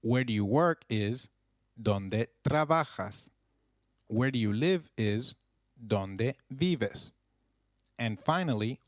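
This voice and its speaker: A man narrating a scripted language lesson with slow, clear, encouraging drills. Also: medium pitch, no room sound, studio quality. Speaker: language teacher.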